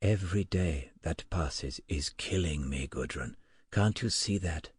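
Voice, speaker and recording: A man's voice: low voice, measured pace, no room sound, clean studio sound. A male audiobook narrator voicing a resolute man who speaks firmly. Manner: firm, resolute. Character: resolute man set on a dangerous mission.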